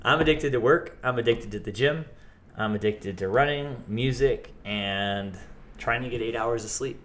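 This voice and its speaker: A man's voice: mid-range voice, moderate pace, fairly bright tone. A young adult man, a chef and restaurant owner, talking candidly and rambling in a casual interview, swearing freely. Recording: echoey room with faint noise.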